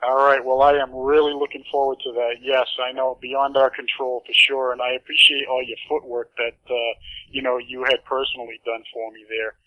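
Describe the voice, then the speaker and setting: Man, show host, friendly casual chat, medium pitch, dry dull lo-fi radio sound. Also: flat delivery, a little fast, no room sound. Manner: friendly, calls people buddy.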